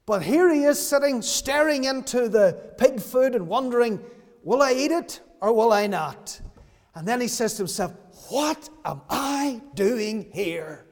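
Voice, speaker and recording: Guy with a high voice preaching, says the key lines over and over, long echo like a big hall. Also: lively intonation, moderate pace. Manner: earnest, repeats key phrases for emphasis. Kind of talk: sermon.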